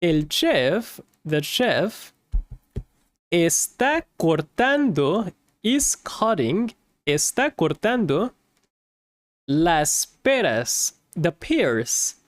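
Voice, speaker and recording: A Spanish teacher giving a casual language lesson, repeating each word slowly and adding playful asides. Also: medium pitch, sing-song, no room sound, studio quality.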